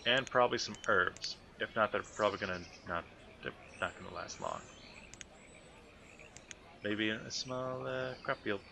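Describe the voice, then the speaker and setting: A man's voice: fairly low pitch, expressive, measured pace, creaky, pauses often, pushed and bright, slight background noise. A man giving casual, thinking-aloud commentary while playing a city-building game. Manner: muttering to himself, thinking aloud. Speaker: gameplay commentator.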